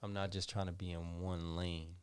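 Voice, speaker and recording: A man's voice: deep voice, level tone, moderate pace, slight background noise. A man in his forties from Boston, hosting a podcast and chatting casually with his son, rambling and saying "you know what I'm saying" again and again. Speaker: podcast host and father. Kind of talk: casual interview chat.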